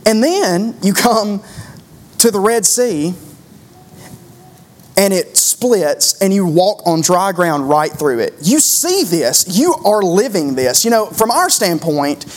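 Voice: mid-range voice, very animated, slow. A preacher giving a conversational sermon, driving points home with rhetorical questions and repeated phrases.

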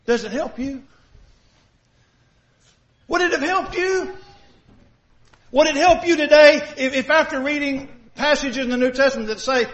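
A man's voice: very high-pitched, moderate pace, a bit bright. A male pastor giving a sermon, preaching in a conversational way and asking the congregation many rhetorical questions. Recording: dull lo-fi recording.

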